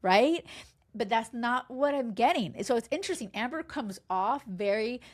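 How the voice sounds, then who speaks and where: A woman dating coach recapping a reality show in casual chat, emphatic and animated, swearing freely and acting out quotes. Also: a little high, moderate pace. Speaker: love and dating coach, podcast host.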